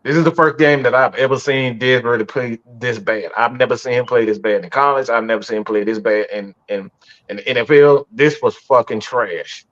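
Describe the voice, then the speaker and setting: A man's voice: medium pitch, fairly quick, a bit bright. A man hosting a live post-game reaction show, ranting with heavy swearing and stammered restarts. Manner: profane and exasperated, stammering restarts. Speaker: sports podcast host. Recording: dull lo-fi stream audio.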